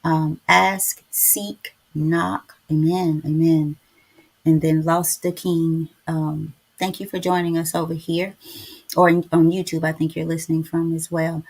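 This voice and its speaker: A woman's voice: low-pitched, little pitch movement, a little slow, gravelly, darkish tone, breathy edge. A middle-aged woman, hosting a casual devotional live-stream chat and preaching to listeners. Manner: chatty, preachy, keeps addressing listeners as y'all. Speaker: podcast host.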